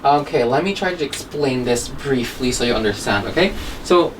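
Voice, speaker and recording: A woman's voice: a bass voice, lively intonation, normal speed. Woman teacher, distant mic, "okay?" tags. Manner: checks in constantly with "okay?" and "right?". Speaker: English teacher. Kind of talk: grammar lesson, explaining. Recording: distant mic with faint room noise.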